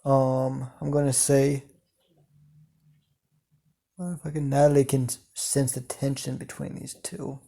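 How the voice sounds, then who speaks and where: Slow, halting, gravelly male narrator. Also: mid-range voice, warm tone. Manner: slow, halting, many ums and casual swearing. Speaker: storyteller. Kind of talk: improvised fan story narration.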